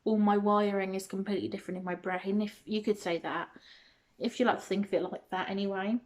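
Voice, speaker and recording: A woman's voice: mid-range voice, fairly even intonation, brisk. A young woman vlogging, answering questions to the camera in a hesitant way, with many ums and restarts and small laughs. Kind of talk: casual talk to camera.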